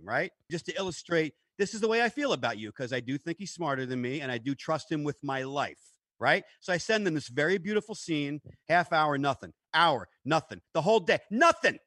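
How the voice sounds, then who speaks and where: A man's voice: on the high side, animated, brisk, fairly bright tone, no echo. A man co-hosting a podcast, telling a story and growing indignant as he goes. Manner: storytelling, getting worked up and indignant. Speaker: podcast co-host. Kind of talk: casual podcast chat.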